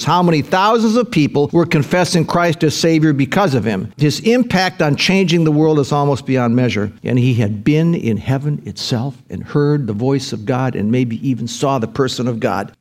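A male pastor delivering a sermon, reading scripture with folksy asides and bursts of rising emphasis. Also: a little high.

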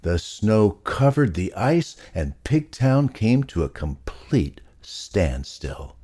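A man reading a children's story aloud with a low voice. He takes his time, and his pitch rises and falls freely to bring the tale to life. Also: big pitch swings, slow, warm tone, slightly rough.

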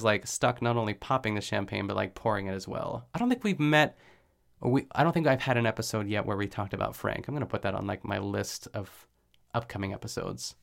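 A man with a medium-pitched, gravelly and fairly bright voice hosts a podcast, recapping a cooking show in casual chat. He rambles, fills his talk with lots of "like" and laughs quickly.

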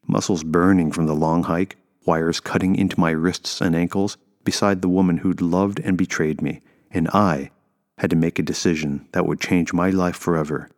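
Man, deep low voice, measured first-person audiobook narration.

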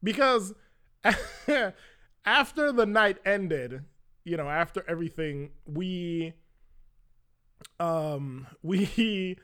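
Young male storyteller, slightly high voice, casual and chatty, fills gaps with filler words. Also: animated, very slow, long pauses, bright, forceful tone, smooth. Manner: conversational, lots of "like" fillers, acts out quoted voices.

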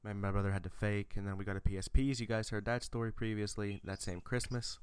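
A man's voice: lowish voice, steady tone, fast, clean tone, no echo. A young man hosting a podcast, telling a nostalgic story in an enthusiastic, rambling way. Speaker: podcast host. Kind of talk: casual storytelling chat.

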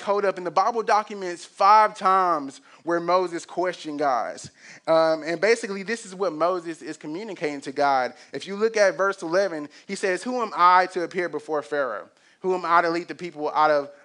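Lively young man preaching a sermon. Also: high-pitched. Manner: animated storytelling with acted quotes and laughs. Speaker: pastor.

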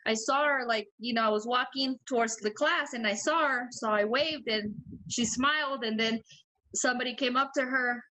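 A high, bright woman co-hosting a casual podcast. She tells stories at a quick clip, laughing and swearing freely. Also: low-quality recording. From Mexican. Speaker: podcast co-host. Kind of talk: casual chat.

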